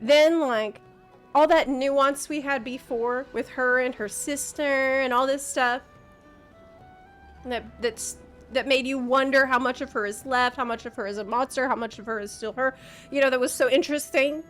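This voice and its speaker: High-voiced woman, impassioned streamer. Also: fairly even intonation, normal speed, a bit bright, faint music behind. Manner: impassioned, exasperated, sarcastic. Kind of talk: live-stream rant to chat.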